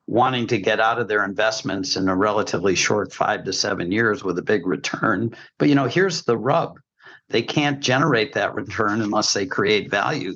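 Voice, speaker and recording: Man, podcast commentator, lowish voice, opinionated, emphatic, folksy sayings, slightly muffled audio. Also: creaky, a bit bright. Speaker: healthcare commentator.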